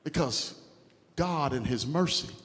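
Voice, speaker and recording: A man preaching a sermon, moving between hushed teaching and shouted, rhythmic exhortation with call-and-response refrains. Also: fairly high pitch, lively intonation, a little slow, in a large hall.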